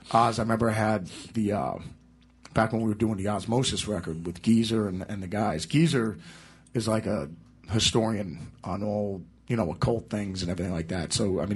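A man's voice: lowish voice, husky. A man being interviewed as a guitarist, telling rambling anecdotes and laughing through them. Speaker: guitarist guest. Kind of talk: casual storytelling interview.

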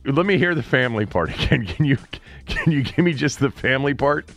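A man hosting a sports talk show, chatting casually with quick laughing asides. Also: medium pitch, animated, fairly bright tone, dry recording, faint music behind. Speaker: radio host.

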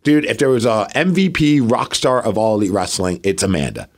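A podcast co-host with a lowish voice talks a little fast as he tells a long story in casual conversation. He's animated, acting out what other people said.

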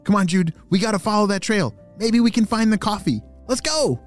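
A man voicing an eager, brave young girl in a children's story, in a high excited voice. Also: a little fast, faint music behind, close to an everyday voice.

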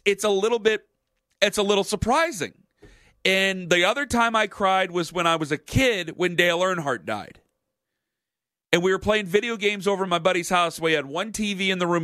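A man with a high, bright voice hosts a sports talk radio show from the studio. He tells stories in an animated, jokey way. The sound is close and dry. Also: brisk, no room sound.

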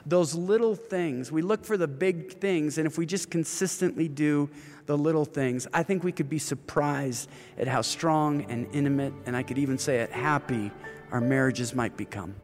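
A man in his fifties tells stories in an earnest, easygoing way, chuckling now and then. His voice sits a touch higher than most men's. A long hall reverb trails behind his words. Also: moderate pace, soft background music. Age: 50s. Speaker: guest speaker on marriage. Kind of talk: conversational storytelling.

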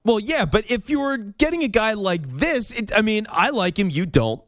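A male talk radio host with a high voice that swings up and down as he jokes around. He sounds upbeat and playful. The studio sound is dry and close. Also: expressive, moderate pace, fairly bright tone, no echo. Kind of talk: casual sports talk radio.

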